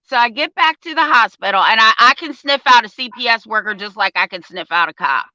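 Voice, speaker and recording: Animated older woman telling a story. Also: fairly high pitch, a little fast, no echo, muffled recording. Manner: animated storyteller, acts out quotes. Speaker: guest, parent advocate. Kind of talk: casual storytelling.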